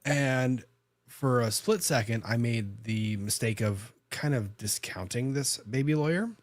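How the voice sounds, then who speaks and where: A man talks through a courtroom story in relaxed podcast chat, stopping and restarting his sentences as he goes. His voice sits at a middle pitch. The recording is dry and close, with no room sound. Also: unhurried, dry recording. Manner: conversational, frequent restarts and self-corrections. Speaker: lawyer and podcast host.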